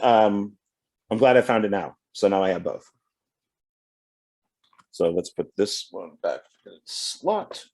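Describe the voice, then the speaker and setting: A man casually talking through his DVD purchases, reading back covers aloud and chatting as he goes. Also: lowish voice. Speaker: DVD collection vlogger. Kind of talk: casual unboxing commentary.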